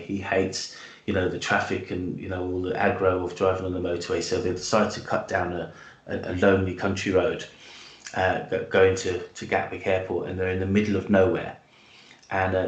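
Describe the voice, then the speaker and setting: In a casual interview, a British guest author tells his story with enthusiasm but hesitantly, restarting his sentences often. His voice is low and the sound is roomy.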